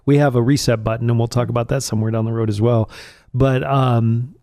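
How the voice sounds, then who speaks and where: Guy co-hosting a marriage chat with his wife, mellow tone, dry close sound, kinda restarts his sentences. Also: mid-range voice, fairly even intonation, brisk, no room sound. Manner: speaks plainly, restarts mid-phrase. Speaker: podcast co-host. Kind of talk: casual chat about marriage.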